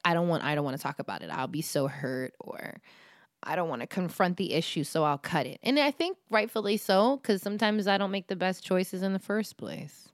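Young woman, podcast guest, candid, laughs often, low-ish voice, dry close sound. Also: fairly quick, no room sound. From Philadelphia. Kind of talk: casual chat.

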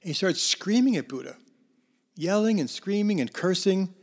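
A man with a fairly high voice tells teaching stories in an easy, conversational way. He drifts through "um" and "you know" and restarts his sentences as he goes. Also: lively intonation, moderate pace. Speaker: counselor. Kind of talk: storytelling talk on forgiveness.

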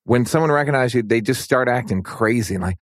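A man's voice: medium pitch, fast, no room sound, clean studio sound. A middle-aged man talking loosely in a casual podcast conversation, rambling and full of "like". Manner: loose and rambling, heavy use of "like". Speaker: guest.

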